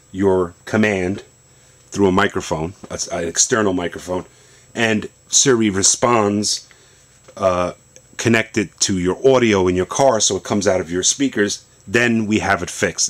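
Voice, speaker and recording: A man with a very deep voice walks through a phone demo in a basement, loose and chatty. He stops, restarts and fills gaps with "uh" as he goes. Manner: relaxed, rambling explanation with many fillers and restarts. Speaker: tech video host. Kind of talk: casual tech demonstration.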